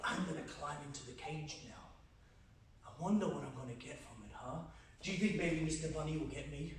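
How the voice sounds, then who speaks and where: A man's voice: fairly high pitch, fairly quick, slight background noise. A man coaching a toddler gym class, talking playfully in a sing-song, coaxing way. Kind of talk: leading a toddler movement class. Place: indoor gym hall. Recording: echoey hall from far off, music behind.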